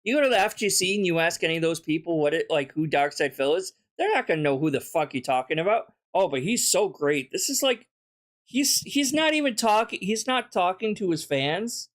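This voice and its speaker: Male streamer, somewhat high-pitched, blunt and sneering in casual commentary. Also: big pitch swings, a little fast, fairly bright tone. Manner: blunt, mocking, swears often. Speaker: streamer reacting to a video.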